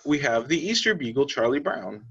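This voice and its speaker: A man's voice: medium pitch, very animated, normal speed, a bit bright, slightly rough. A man teacher reading a children's picture book aloud, telling the story expressively. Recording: slightly dull lo-fi sound.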